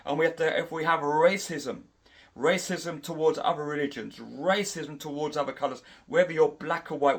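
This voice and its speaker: A man's voice: a little high, fairly bright tone. A middle-aged man giving an impassioned preaching monologue, repeating and restarting his phrases for emphasis. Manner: repetitive, emphatic, with frequent restarts. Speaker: Christian preacher.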